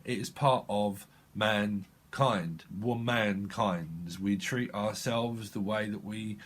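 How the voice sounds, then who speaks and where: A man's voice: lowish voice, takes it slowly, a little hiss or hum. A man giving a casual tarot reading, rambling, swearing and talking straight to the viewer. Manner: rambling, swears, laughs often, talks to the viewer. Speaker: tarot reader.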